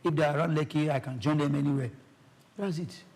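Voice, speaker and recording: A man with a Nigerian accent, a guest telling an animated story and acting out the people in it. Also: a little fast, vocal fry. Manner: acts out quoted exchanges, shifting pitch for each person.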